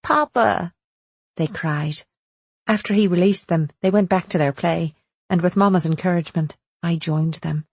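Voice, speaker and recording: A woman narrates a first-person story for an audiobook in a steady, measured reading. Her voice is lowish, dark and husky. The recording is dry and close. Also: dry recording.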